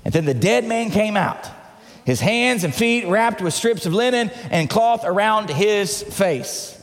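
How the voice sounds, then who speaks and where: A pastor preaching a sermon with passion, dropping to hushed tones and rising to shouts. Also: male voice, high-pitched, animated, a little slow, long reverb tail.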